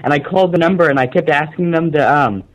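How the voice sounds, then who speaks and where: A man's voice: on the high side, fast, highs cut off. A man in a casual group call, rambling as he tells a story.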